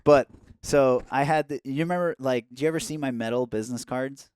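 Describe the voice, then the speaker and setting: A podcast guest tells a casual story, rambling and profane, packed with "like" and "you know." His medium-pitched voice is a little fast, a little mellow, and smooth, recorded in studio quality with no room sound.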